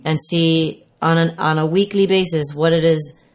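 A woman's voice: deep voice, fairly even intonation, normal speed. A woman fitness trainer giving casual advice on food and exercise, rambling and correcting herself as she explains.

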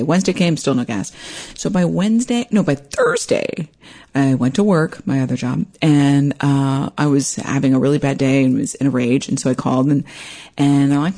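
A woman hosting her own podcast, telling a personal story in a lively way and acting out what people said. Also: deep voice, normal speed. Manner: animated, acts out quoted voices. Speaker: podcast host.

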